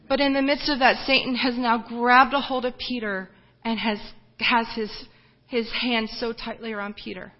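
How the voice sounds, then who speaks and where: A woman missionary giving an earnest, emotional personal testimony, often halting and restarting as she speaks. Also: fairly high pitch, highs cut off.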